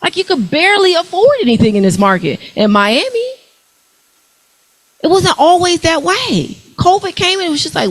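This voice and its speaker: A young adult woman, giving an animated motivational money talk to a live audience, calling out questions to the crowd. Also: very high voice, normal speed, rough recording. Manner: animated, preachy, calls out to the crowd. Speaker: workshop speaker.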